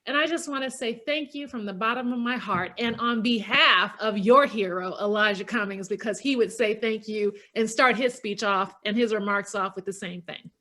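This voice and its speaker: A middle-aged woman speaking as a guest, giving passionate, emphatic political remarks that rise to forceful peaks. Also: mid-range voice, moderate pace, few pauses.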